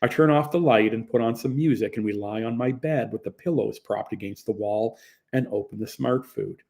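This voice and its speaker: Gravelly, mellow-voiced man narrating a story. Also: mid-range voice, moderate pace. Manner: plain, conversational storytelling. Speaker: audiobook narrator. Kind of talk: first-person audiobook narration.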